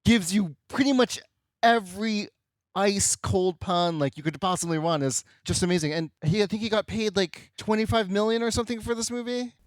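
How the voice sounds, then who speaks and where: A man's voice: high-pitched, moderate pace, no room sound, studio quality. A man talking casually and in a laid-back way about a movie on a podcast. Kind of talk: casual film discussion.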